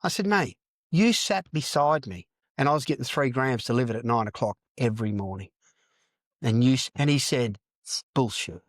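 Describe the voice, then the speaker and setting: A man's voice: medium pitch, lively intonation, normal speed, no room sound, clean studio sound. A middle-aged Australian man telling his story in a candid interview, blunt and sweary, calling people "mate". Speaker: podcast guest, recovering addict and counsellor.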